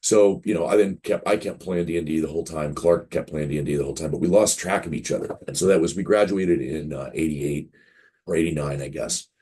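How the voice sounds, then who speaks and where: A man's voice: very deep voice, a little fast, mellow, husky. A man in his fifties, a game publisher guest on an interview, rambling through anecdotes and acting out quoted dialogue. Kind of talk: casual interview storytelling.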